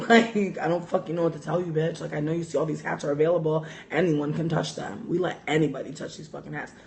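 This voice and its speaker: Brisk and gravelly, with a voice that sits low, a young woman hosts a casual livestream. She reads viewer comments and spins profane, animated stories packed with "like" and laughter.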